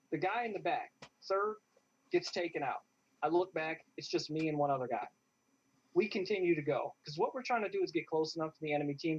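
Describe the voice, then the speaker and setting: A man, a guest in an interview, telling a lively story and acting out what others said. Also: on the high side, slightly rough. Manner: animated, acts out what others said. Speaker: interview guest, airsoft player. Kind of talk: casual storytelling. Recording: dull lo-fi sound.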